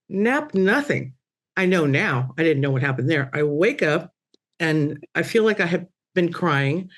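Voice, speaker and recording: A middle-aged woman on a podcast panel, telling a personal story in a casual, animated way. Her voice jumps high when she quotes exclamations. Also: measured pace. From Cuban-American family.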